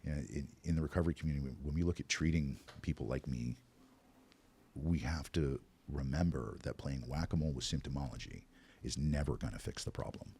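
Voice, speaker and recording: Guy with a super deep husky voice, candid and kinda self-deprecating, telling his story on a podcast. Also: brisk, mellow. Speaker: podcast guest. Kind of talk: personal recovery storytelling.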